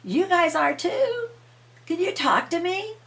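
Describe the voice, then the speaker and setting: A woman's voice: very high voice, expressive, takes it slowly, a bit bright, pitched above the performer's own voice, heavily acted. An older woman voicing a friendly small-town librarian who coaxes in a chirpy, raised voice. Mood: coaxing.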